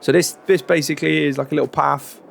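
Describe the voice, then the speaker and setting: A man, chatting in a relaxed, rambling way during a farming game roleplay. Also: on the high side, fast talker, gravelly, a little hiss or hum. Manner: relaxed, chatty, many fillers and restarts. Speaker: roleplay creator.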